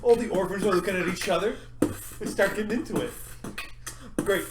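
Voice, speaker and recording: A man narrating as game master at a tabletop game, animated and quick to slip into character voices. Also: high-pitched. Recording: echoey room with faint noise.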